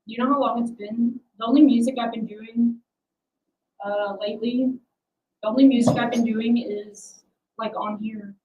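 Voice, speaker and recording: A woman's voice: on the high side, narrow, tinny audio. A young adult woman hosting a casual livestream, rambling and self-deprecating as she chats with her viewers. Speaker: livestream host.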